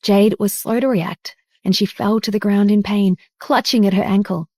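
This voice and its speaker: A woman reading a romance audiobook in steady scripted narration. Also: mid-range voice, moderate pace, dry recording, clean studio sound.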